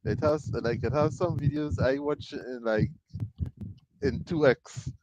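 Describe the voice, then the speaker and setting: A man chatting as a guest on a live stream, speaking softly and hesitantly. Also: on the high side, measured pace, muffled recording, a little hiss or hum. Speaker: guest who does voiceovers. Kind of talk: casual live chat.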